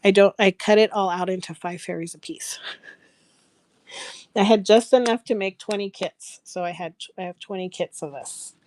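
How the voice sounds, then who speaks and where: A woman's voice: mid-range voice, a little slow, darkish tone, no echo. A woman hosting a live craft sales stream, chatting casually, rambling and laughing often as she greets viewers by name. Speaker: craft seller and live show host.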